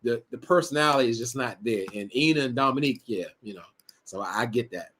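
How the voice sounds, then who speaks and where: A man's voice: mid-range voice, fast, a bit bright, breathy edge. A young adult man co-hosting a casual live-stream recap, laid-back, laughing often and reading viewer comments aloud.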